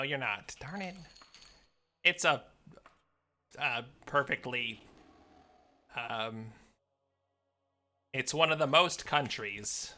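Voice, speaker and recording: Bright-voiced American man streaming a game. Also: medium pitch. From United States. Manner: rambling, easygoing, muttering asides while playing. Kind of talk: casual live game stream, answering chat.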